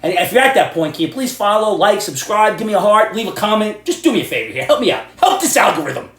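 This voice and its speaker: A middle-aged man from Ireland, ranting loudly and sarcastically about the news in a vlog. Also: high-pitched, big pitch swings, quick pace. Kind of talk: angry political rant vlog. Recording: echoey room.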